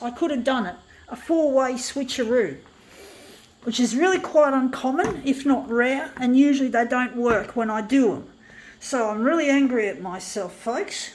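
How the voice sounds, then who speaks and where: A woman's voice: high-pitched, darkish tone, a little hiss or hum. A woman artist rambling to camera, upset and shaky on the verge of tears, self-critical and repeating herself. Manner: self-critical, repetitive, keeps saying folks.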